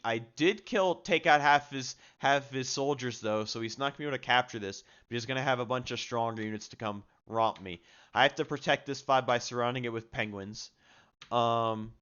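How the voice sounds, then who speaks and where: A man's voice: medium pitch, a bit bright, clean tone. Chatty young man commentating a strategy game. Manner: chatty, frequent fillers, self-deprecating. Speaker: gaming video creator. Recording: slightly dull lo-fi audio.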